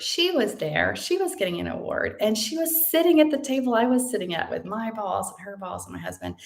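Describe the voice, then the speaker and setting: A woman's voice: on the low side, vocal fry, roomy sound. A woman in her thirties, chatting casually to the camera as she tells a personal story, full of fillers and acted-out quotes. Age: 30s. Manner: chatty, emotional, many fillers, acts out quotes. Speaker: vlogger.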